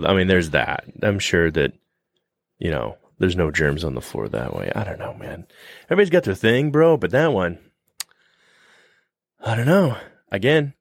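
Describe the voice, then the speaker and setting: A man co-hosting a casual podcast chat, rambling and joking in an animated way. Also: on the low side, no room sound, studio quality. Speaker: podcast co-host.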